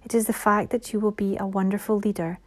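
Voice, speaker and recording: A woman reading an audiobook who voices a gentle, brave young heroine in a soft voice close to her own. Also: mid-range voice, fairly even intonation, fast, lightly acted. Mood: encouraging. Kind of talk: audiobook character voice.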